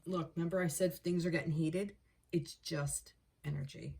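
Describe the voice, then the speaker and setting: A woman giving a casual tarot card reading, thinking aloud, repeating herself and getting excited over the cards. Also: sits low, normal speed, vocal fry, husky. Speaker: tarot reader.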